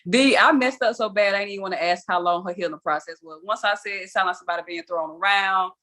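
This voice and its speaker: A woman's voice: medium pitch, quick pace, bright, forceful tone. A young adult woman hosting a weekly video call, telling a story casually, with a chatty, self-mocking manner and frequent laughs.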